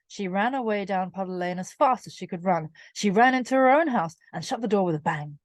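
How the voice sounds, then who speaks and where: Brief: woman storybook reader, clear and expressive, animated pitch. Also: dry recording, studio quality. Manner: expressive, slow and clear for children. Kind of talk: children's storybook read-aloud.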